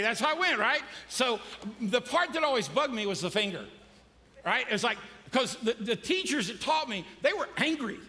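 A man's voice: very high-pitched, lively intonation, moderate pace, bright, forceful tone. A male pastor preaching a sermon in a casual, joking way, quizzing the congregation as he goes. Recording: long reverb of a large hall.

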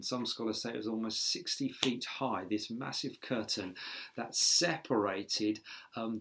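A man preaching a sermon, explaining scripture in a measured teaching way with occasional fillers and restarts. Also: on the low side, fairly bright tone.

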